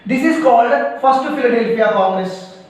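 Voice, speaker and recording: High pitched indian english teacher guy, slow, repeats everything, boomy echo and far from the mic. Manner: repeats key phrases, quizzes students. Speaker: school teacher. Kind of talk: classroom lecture. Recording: echoey room, voice from a distance.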